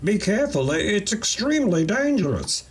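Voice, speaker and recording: A man's voice: high-pitched, sing-song, moderate pace, breathy edge, pitched above the performer's own voice, heavily acted. A man voicing a nervous alien scientist with clicking mandibles, anxious and formal in speech.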